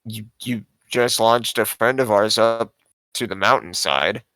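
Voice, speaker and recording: A man's voice: fairly low pitch, a little slow, sharp tone, no room sound. A man playing a tabletop game, speaking hesitantly and politely with many ums. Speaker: player. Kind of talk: tabletop role-play.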